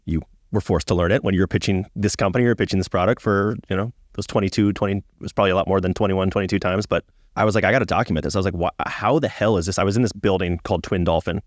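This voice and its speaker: A man's voice: low-pitched, steady tone, rapid-fire, no room sound, studio quality. A man, telling self-mocking, profane stories as a podcast guest. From Atlanta, US. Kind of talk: casual interview storytelling.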